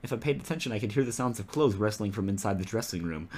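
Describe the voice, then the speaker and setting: A speaker reading a visual novel's narration aloud between jokes with friends, with a husky voice. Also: mid-range voice, animated, fast, darkish tone. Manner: reads narration, then breaks off laughing and joking.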